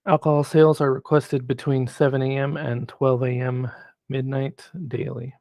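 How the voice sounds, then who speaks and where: Gravelly man reading a staff report. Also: medium pitch, flat delivery, a little mellow, no echo. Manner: measured, reads prepared remarks. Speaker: city planning staff presenter. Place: city council chamber.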